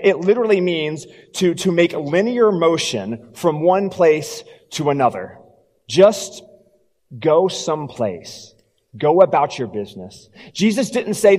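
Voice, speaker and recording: A male pastor preaches a sermon in a large hall, telling the story and dropping low and quiet for emphasis.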